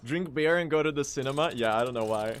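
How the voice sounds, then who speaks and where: A man's voice: mid-range voice, fast, a little hiss or hum. A young man speedrunning on a live stream, casually commentating, swearing and addressing his chat.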